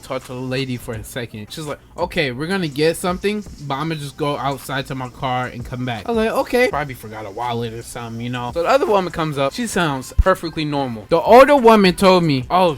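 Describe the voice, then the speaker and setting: A young man hosting a podcast, casually telling a story in slangy talk and acting out the voices of the people in it. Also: medium pitch. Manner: animated, acts out customers' voices in quotes; slangy, addresses listeners directly. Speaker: podcast host.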